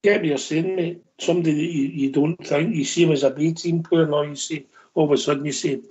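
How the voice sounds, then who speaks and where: A man's voice: a little high, steady tone, brisk, hardly any pauses, a little mellow, slightly rough. A Scottish man co-hosting a casual football phone-in in an easygoing way. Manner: easygoing, says "aye" and "mate". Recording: dull lo-fi phone-in audio.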